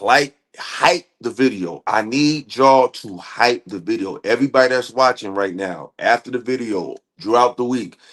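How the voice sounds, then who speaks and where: A man hosting a live stream, talking casually to his audience in loose slang with many fillers. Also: on the low side. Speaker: livestream host.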